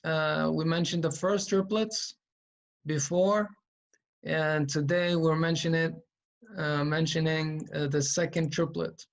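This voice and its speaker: A man teaching Quran reading at a slow, unhurried pace. He explains patiently and repeats each sound, with plenty of fillers along the way. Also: fairly high pitch, fairly even intonation.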